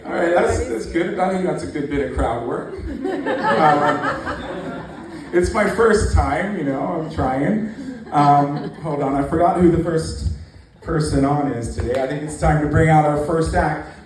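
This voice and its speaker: Loose, halting man compering a comedy club. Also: fairly high pitch, slight background noise. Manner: loose, self-mocking, halting. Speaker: compere of a stand-up night. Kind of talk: stand-up compering. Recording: echoey club from far off.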